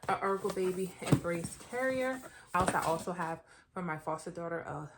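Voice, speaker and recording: A woman's voice: on the low side, animated, brisk, very noisy. A pregnant woman in her thirties chatting casually to her viewers while unboxing baby gifts, with lots of fillers and asides, a bit out of breath. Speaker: vlogger.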